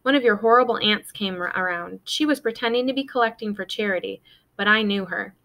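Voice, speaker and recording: A woman doing a higher-voiced lonely young boy. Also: brisk, bright, forceful tone. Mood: glum.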